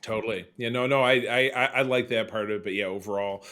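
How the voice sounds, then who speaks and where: A man co-hosting a casual podcast, chatting with lots of fillers and quick mock character voices. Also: lowish voice. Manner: animated, quick impressions of characters, many fillers. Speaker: podcast co-host. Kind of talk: casual chat.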